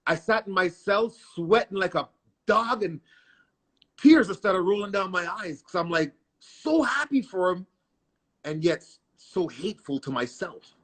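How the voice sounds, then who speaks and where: A man telling his life story as an interview guest, in animated, profane street slang. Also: sits high, measured pace. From Canada. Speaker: guest artist.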